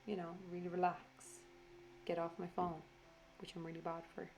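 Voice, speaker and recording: A tired woman rambles through a casual voiceover for her craft video. Her voice sits a little low. She swears freely and pokes fun at herself as she goes. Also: little pitch movement, moderate pace, vocal fry, a little mellow, a little hiss or hum.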